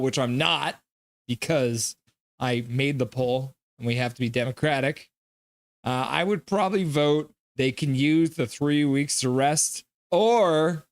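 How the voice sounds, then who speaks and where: A man's voice: fairly high pitch, no echo, studio quality. A man hosting a casual live stream, reading viewer comments aloud and riffing on them in a loose, chatty way. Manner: chatty, loose, many fillers. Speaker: livestream host.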